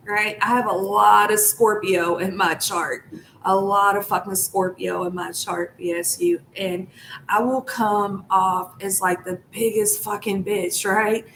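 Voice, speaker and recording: A woman's voice: medium pitch, fairly even intonation, slow, vocal fry, a bit bright, a little hiss or hum, rough recording. A woman talking frankly to her viewers in a casual monologue, cursing often and using lots of fillers like "like" and "right?". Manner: frank and profane, with frequent fillers and laughs. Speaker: spiritual vlogger.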